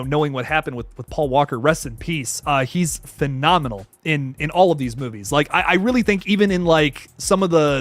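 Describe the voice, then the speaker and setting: Male livestream host, hyped and profane, very lively pitch, dry room. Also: dry recording. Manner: excitable and swearing, with frequent laughs. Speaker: horror movie channel host. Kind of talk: casual livestream chat reading super chats.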